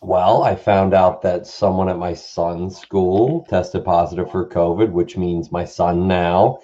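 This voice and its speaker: Dry, offhand male co-host, low voice; a dull, muffled lo-fi feed. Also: fairly even intonation, measured pace, dark tone. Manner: dry, offhand, coughs now and then. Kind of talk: casual live-stream chat.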